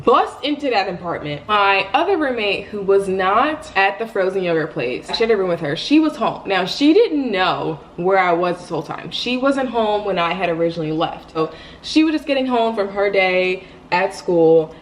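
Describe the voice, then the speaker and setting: A young woman in her twenties telling a storytime while doing her makeup, chatty and animated. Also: mid-range voice, normal speed, slight background noise. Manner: chatty, animated, rambling retelling. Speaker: beauty vlogger. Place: home, getting ready.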